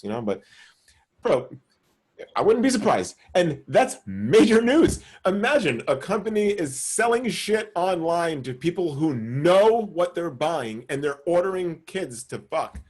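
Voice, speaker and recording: A young man co-hosting a podcast in casual chat, animated and swearing, acting out quoted voices. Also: a little high, measured pace. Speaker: podcast co-host.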